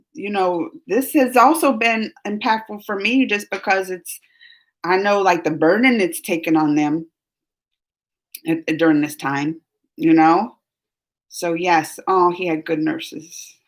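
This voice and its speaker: A woman hosting a live stream, chatting casually with her viewers. She is emotional and laughs often, going from giggly to soft and earnest. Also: medium pitch. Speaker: reaction channel host reading live chat.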